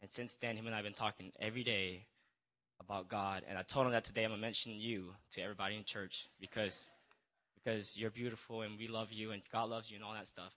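A man's voice: on the low side, level tone, fast, pushed and bright. A young man giving a personal testimony into a handheld microphone at a church gathering, hesitant and nervous, stumbling over restarts and apologizing as he goes.

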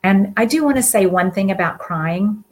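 A woman's voice: mid-range voice, animated, moderate pace. A woman guest speaking to an audience in a heartfelt, casual way, earnest and encouraging. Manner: earnest, warm-hearted and encouraging, with soft laughs.

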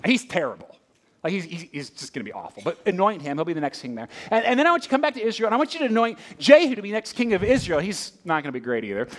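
A patient, plain-spoken God, voiced by a preacher in a sermon. He explains things in a casual, reassuring, matter-of-fact way. The voice sits somewhat high and moves a lot. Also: sing-song, racing.

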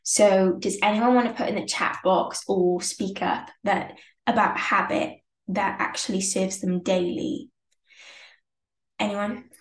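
A woman's voice: mid-range voice, steady tone, unhurried, echoey room, rough recording. A woman hosting a group self-improvement session, chatting casually and asking many rhetorical questions. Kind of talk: casual motivational talk.

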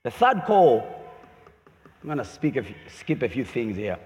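A man preaching a sermon as pastor, lively and emphatic, often voicing pointed questions. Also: medium pitch, normal speed. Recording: long hall reverb.

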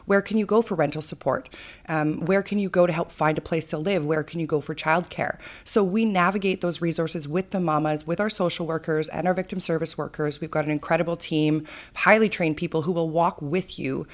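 A Canadian charity founder in her thirties speaks in a low register for a woman. She tells her story earnestly and with feeling, with plenty of fillers. It sounds like a personal podcast interview. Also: steady tone, brisk.

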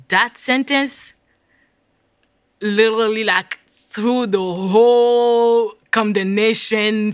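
A woman's voice: lowish voice, bright, forceful tone, no echo. A woman telling her personal faith testimony in an intense, emotional way. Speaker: speaker sharing a testimony.

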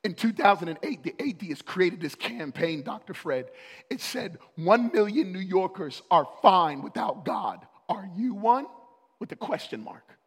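High-voiced preaching pastor in an echoing hall. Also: male voice, sing-song, a little slow, husky. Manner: preaching, building to loud urgent peaks. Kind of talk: sermon.

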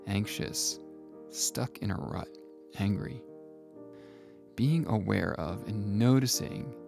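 A man with a low, gravelly voice speaks softly and intimately, coaching the listener on self-kindness and calling them his friend. Faint music plays under him. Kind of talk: gentle motivational monologue.

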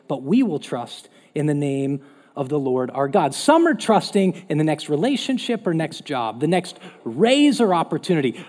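Preaching in a lively, conversational way, a male pastor speaks with a somewhat high, husky and mellow voice that moves up and down. His words echo with a long hall reverb.

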